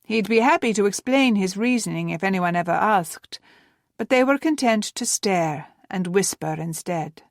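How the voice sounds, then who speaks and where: A woman narrating a historical novel as an audiobook, in a measured storytelling manner that gently voices the dialogue. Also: medium pitch, lively intonation, no room sound, studio quality. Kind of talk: scripted narration.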